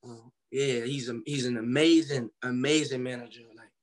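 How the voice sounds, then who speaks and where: A man's voice: mid-range voice, steady tone, moderate pace. A young man from Cincinnati, Ohio, telling his story as a guest artist in a casual interview, loose and slangy, acting out the people he quotes.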